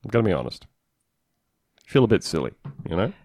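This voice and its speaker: A man co-hosting a casual comedy podcast, telling stories in a wry, deadpan way. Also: lowish voice, brisk, dry recording, studio quality. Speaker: podcast co-host.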